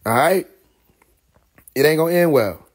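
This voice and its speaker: A young adult man hosting a live stream, talking casually and animatedly, laughing often and mimicking others. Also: a little high.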